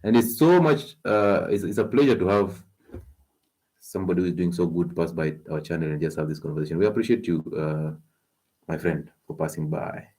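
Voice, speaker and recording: A man with a Kenyan accent hosting a health talk stream, animated and coaxing, laughing often as he gives advice. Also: low voice, brisk, slightly rough. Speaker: health show host.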